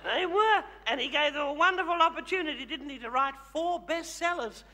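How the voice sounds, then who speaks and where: A man's voice: extremely high pitch, a little fast, full character voice. A man playing a flamboyant older Australian woman, a self-styled glamorous megastar, teasing the audience with theatrical endearments in a live stage comedy show. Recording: live theatre with long reverb, loud crowd.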